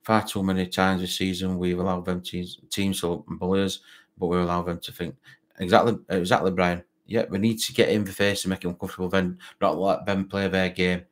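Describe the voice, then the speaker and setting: A man's voice: deep voice, flat delivery, fairly quick. A man with a broad Barnsley Yorkshire accent, hosting a football fan live stream in rambling casual chat, reading out viewer comments with lots of fillers. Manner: rambling, repeats words, many fillers.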